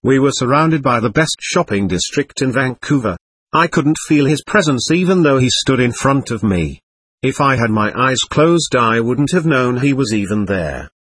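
A man with a slightly husky, breathy voice reads a first-person account like an audiobook. His delivery is even and measured, and the recording is close and dry with no room sound. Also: medium pitch, dry recording. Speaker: narrator.

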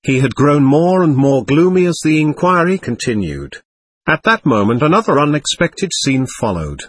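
A man narrating a classic novel in an expressive, dramatic audiobook reading. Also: on the high side, moderate pace, slightly rough, no echo.

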